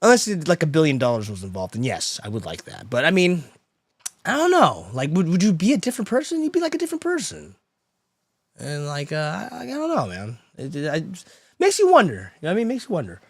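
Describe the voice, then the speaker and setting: Rambling, lively-voiced man streaming. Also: a little high, fast, no echo, studio quality. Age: 30s. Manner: rambling and profane, reading chat aloud. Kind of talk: casual live-stream chat.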